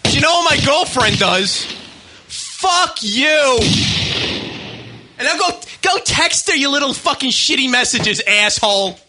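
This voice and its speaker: A radio show host, a man, delivering a furious, profane, shouting rant on live comedy talk radio. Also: extremely high pitch, expressive, measured pace, slight background noise. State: enraged.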